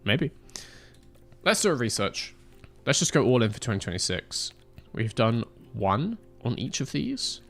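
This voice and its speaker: A man's voice: mid-range voice, very animated, a little slow, gravelly, long pauses, a bit bright, soft background music. A young man streaming a racing management game, chatting casually with joking banter and mock outrage. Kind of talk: casual live-stream chat.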